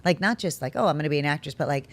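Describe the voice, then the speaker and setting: Low-voiced woman telling a lively story. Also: very fast. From Texas. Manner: animated, laughs often, acts out family quotes. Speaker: interview guest. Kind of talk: casual storytelling.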